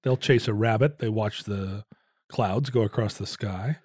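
A man's voice: on the low side, unhurried, darkish tone, slightly rough, dry recording. A middle-aged man casually telling a rambling family story with dry jokes on a podcast.

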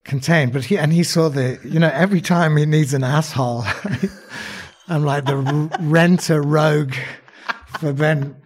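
A man's voice: fairly high pitch, fairly even intonation, unhurried, a little hiss or hum. A man, an actor, talking casually in an interview, rambling and self-mocking with restarts. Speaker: actor and songwriter guest.

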